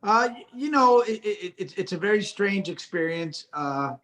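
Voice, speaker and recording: A middle-aged man talks over a video call with a voice pitched a little high for a man. He stumbles and restarts constantly, repeating small words before getting going, and slips in dry jokes at his own expense. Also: expressive, fairly bright tone. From United States. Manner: halting, many stammered restarts, self-deprecating jokes. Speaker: actor and director, interview guest. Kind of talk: video-call interview, casual conversation.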